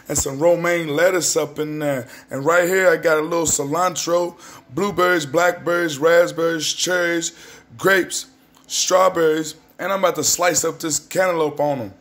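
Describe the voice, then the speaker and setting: A man gives an upbeat, preachy motivational vlog, often saying things twice. His voice sits high for a man. He is recorded in a roomy, echoing home kitchen. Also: a bit bright. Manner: upbeat, preachy, repeats phrases. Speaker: vlogger and healthy-lifestyle promoter. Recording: roomy, echoey room.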